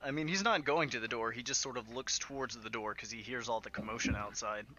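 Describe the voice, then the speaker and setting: A man's voice: mid-range voice, fast, bright, forceful tone. A man narrating as game master in a casual way, with plenty of fillers. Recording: muffled lo-fi audio.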